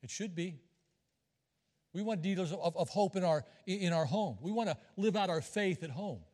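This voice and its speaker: A man's voice: high-pitched, normal speed, a little mellow. A middle-aged man preaching a sermon as a visiting missionary, folksy and joking with the congregation. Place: church sanctuary. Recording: long reverb of a church hall.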